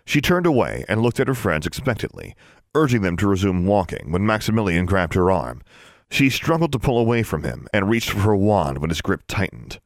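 A man narrating an audiobook in an expressive storytelling manner. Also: sits low, a little fast, vocal fry, no echo, studio quality.

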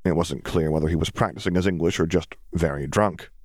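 Male audiobook narrator, very low voice, dry close sound, steady descriptive reading. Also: a little fast, no echo.

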